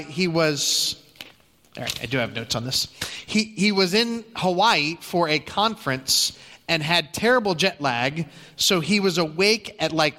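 A bright-voiced preacher in a reverberant hall. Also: male voice, fairly high pitch. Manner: conversational, hesitant restarts. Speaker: pastor. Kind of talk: sermon storytelling.

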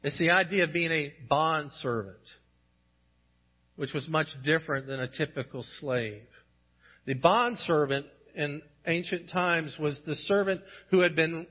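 A male pastor delivers an earnest sermon, his voice a little husky and sitting somewhat high. He swells into impassioned emphasis at key lines. The recording is dull and lo-fi. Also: a little slow. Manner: earnest, rising to impassioned emphasis when quoting scripture.

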